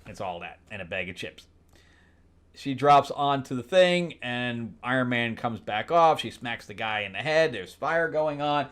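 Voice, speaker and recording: A man recapping comic books in a loose, sarcastic ramble. He trips over his words and restarts often, and he trails off dryly at the end of lines. His voice sits at an everyday middle pitch. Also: expressive, a little slow, fairly bright tone. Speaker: comic book reviewer.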